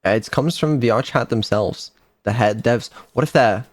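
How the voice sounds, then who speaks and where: A man's voice: mid-range voice, normal speed, no room sound, faint music behind. A laid-back man with a mid-range voice talks casually through a live dev stream. He mumbles asides and trails off often. His talk is loose and unpolished, with ums and the odd swear word. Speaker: developer and streamer.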